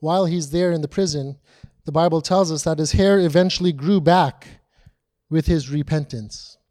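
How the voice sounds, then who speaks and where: A man preaching a sermon, retelling the story dramatically and dropping to a hush on key lines. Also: on the high side, normal speed.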